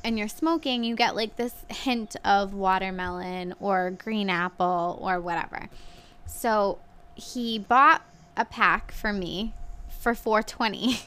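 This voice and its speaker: A woman's voice: medium pitch, slow pace, sharp tone, smooth. A woman in her thirties, a podcast co-host, chatting casually and telling a story with lots of "like", acting out what people said and swearing now and then. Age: 30s. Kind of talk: casual chat.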